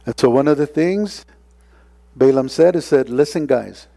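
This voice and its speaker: Mellow-voiced male preacher retelling scripture. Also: a little high, normal speed. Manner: storytelling, with frequent tag questions and chuckles. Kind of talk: sermon.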